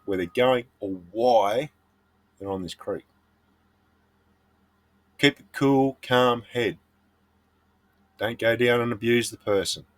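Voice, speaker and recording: A middle-aged Australian man, a prospecting vlogger, giving earnest, blunt advice in a casual monologue. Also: lowish voice.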